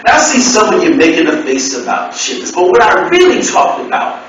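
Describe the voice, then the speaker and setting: A man in his fifties telling comic stories live on stage, animated and swooping between deep and shouted lines. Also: brisk, slight background noise. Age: 50s. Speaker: storyteller. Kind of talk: live storytelling performance. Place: storytelling event hall. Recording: echoey hall from far off, dull.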